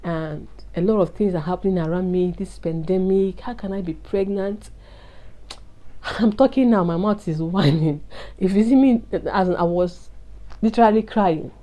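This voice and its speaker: A woman's voice: medium pitch, normal speed, dark tone. Earnest woman sharing a testimony. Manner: earnest, confiding, addresses viewers as guys. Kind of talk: emotional personal testimony.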